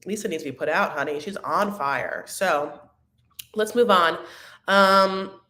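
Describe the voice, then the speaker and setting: A woman recapping a reality show in a catty, dramatic, gossipy manner, with sudden loud outbursts. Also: on the low side, measured pace, roomy sound. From Arab-American. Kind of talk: casual recap chat.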